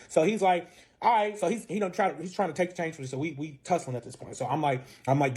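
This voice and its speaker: A man rattles through a profane story at a quick clip. His voice sits a little high, and he talks in a casual, animated way, acting out the quotes as he goes. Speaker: storyteller guest.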